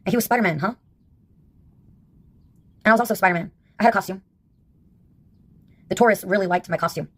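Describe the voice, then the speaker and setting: A woman's voice: medium pitch, a little fast, pauses often. A woman in her fifties telling stories in a casual monologue, wry and sarcastic, laughing at her own anecdotes. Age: 50s. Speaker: vlogger.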